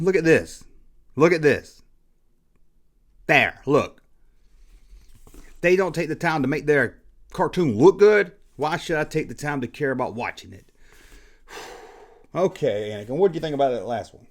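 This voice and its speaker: A man's voice: fairly high pitch, lively intonation, moderate pace. A man in his forties with a Southern US drawl, hosting his own channel. He rants bluntly and repeats himself for emphasis, with a casual, exasperated edge. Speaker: YouTube host. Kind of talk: casual ranting commentary.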